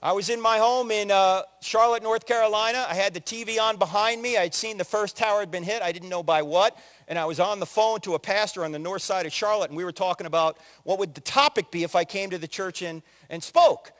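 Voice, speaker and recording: A man in his sixties from New Jersey giving an animated, joking story-driven talk as a conference speaker, acting out quotes in other voices. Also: sits high, brisk. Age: 60s. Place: large hall with audience. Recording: long hall reverb.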